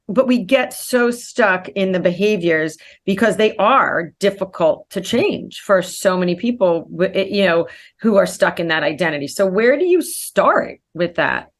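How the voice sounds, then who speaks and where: A woman's voice: medium pitch, animated, unhurried. A woman appearing as a nutritionist guest in a casual interview, chatty and often tagging her points with a questioning "right?". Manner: chatty, with frequent "right?" tags.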